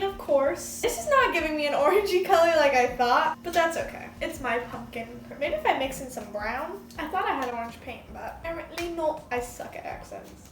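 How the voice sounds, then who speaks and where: A woman's voice: sits high, fairly bright tone. A young woman chatting casually in a crafting vlog, gushing and enthusiastic as she talks. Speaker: vlogger. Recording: echoey room, mic at a distance.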